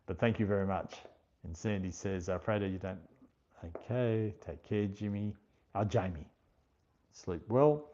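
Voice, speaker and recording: A man's voice: fairly low pitch, dark tone, slight background noise. An Australian man hosting a casual livestream, chatting unhurriedly, reading out viewer comments and thanking each viewer by name. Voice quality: unhurried, slower speaking. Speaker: livestream host. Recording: dull lo-fi stream audio.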